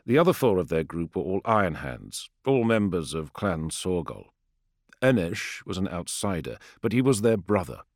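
A man narrating an audiobook in a measured, grave storytelling manner, recorded on a close studio microphone. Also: sits low, very animated, no echo. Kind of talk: scripted dramatic narration.

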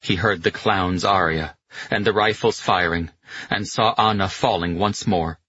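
A man narrating an audiobook in a measured, dramatic way. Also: low voice, bright, forceful tone, breathy edge, no room sound. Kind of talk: scripted narration. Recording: slightly muffled dry recording.

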